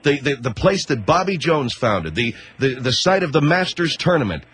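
A man hosting a call-in radio talk show, prodding his guests quickly. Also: mid-range voice, big pitch swings, fairly bright tone, husky.

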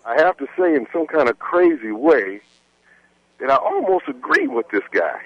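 A man's voice: a little high, wildly swooping pitch, normal speed, dry recording, highs cut off. A man calling in to a radio show, easygoing and chatty. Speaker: caller. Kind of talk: call-in talk radio.

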